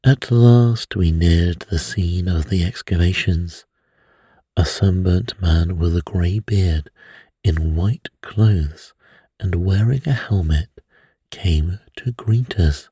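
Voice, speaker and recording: A man reading a mystery aloud as a bedtime story in a soft, soothing way. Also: low-pitched, slow, husky, dry recording, studio quality.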